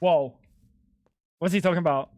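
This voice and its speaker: A man's voice: fairly high pitch, steady tone, normal speed, darkish tone, no echo, studio quality. An Australian man streaming a game, bantering casually with friends, swearing a lot and joking with mock indignation.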